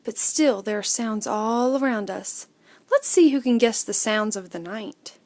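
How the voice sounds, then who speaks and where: A woman voicing a calm, patient father owl in a children's story, speaking in a gentle manner. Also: fairly high pitch, unhurried, close to an everyday voice.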